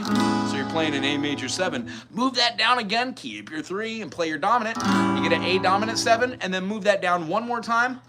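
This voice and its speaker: A man from the mainland United States teaching guitar in a live-streamed lesson, chatty and thinking aloud as he scats melodies. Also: sits high. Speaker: music teacher. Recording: loud guitar under the voice. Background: guitar playing.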